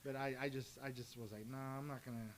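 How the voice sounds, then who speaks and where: A jiu-jitsu coach telling stories in a casual interview, acting out the dialogue with lively energy. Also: male voice, medium pitch, quick pace. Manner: animated storyteller, acts out quoted dialogue. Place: gym. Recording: faint background hiss.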